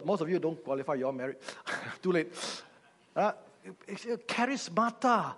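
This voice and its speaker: A man's voice: a little high, fairly quick, fairly bright tone, long reverb tail. A man preaching a sermon, teaching in a humorous way and putting questions to the congregation.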